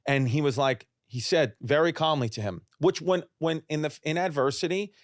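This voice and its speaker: A man's voice: fairly high pitch, moderate pace, no echo, studio quality. A man in his late thirties, a comedian guest on a podcast, telling rambling, jokey stories in casual chat. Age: 30s.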